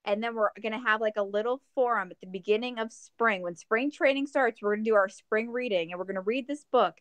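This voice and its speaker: A woman co-hosting a podcast in casual chat, joking and rambling through plans in an animated way. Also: a little high, fast, no echo. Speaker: podcast co-host.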